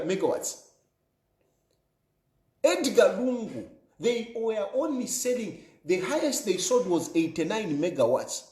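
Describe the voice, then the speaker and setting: A man's voice: sits high, darkish tone, echoey room. A Zambian man delivering an emphatic political monologue, repeating phrases for effect in an accusing tone. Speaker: political commentator.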